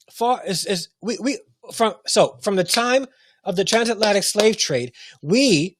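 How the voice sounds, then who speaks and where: A man's voice: sits high, unhurried, a bit bright, dry recording. A man hosting a talk show, speaking with heated, repetitive emotion and many restarts. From United States. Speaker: show host. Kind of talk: impassioned commentary.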